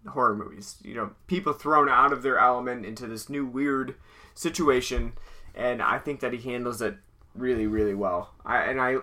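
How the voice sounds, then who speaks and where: A man gives measured, thoughtful remarks in a relaxed chat. His voice sits at a middle pitch and sounds bright and forward. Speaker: podcast co-host. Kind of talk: casual movie chat.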